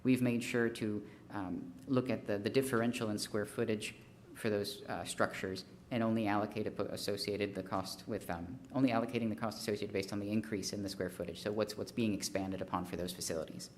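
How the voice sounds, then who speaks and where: Male consultant, lower voice, walks a council through numbers at a measured pace, filler-heavy delivery, light background noise. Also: steady tone. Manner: methodical, figure-heavy, frequent fillers and restarts. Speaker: consultant presenting a fee study. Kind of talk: formal presentation at a city council meeting.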